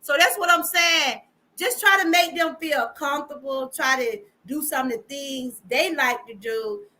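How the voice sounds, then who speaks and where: A woman's voice: sits high, unhurried, bright, forceful tone. A middle-aged woman with a Georgia Southern accent, hosting a casual live stream and chatting with viewers, calling them y'all.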